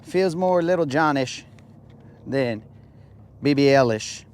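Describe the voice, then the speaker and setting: A young man from New Mexico, talking casually and joking while bass fishing from a boat on a lake. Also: clean tone. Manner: laid-back, jokey, drawn-out playful lines. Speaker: fishing vlogger.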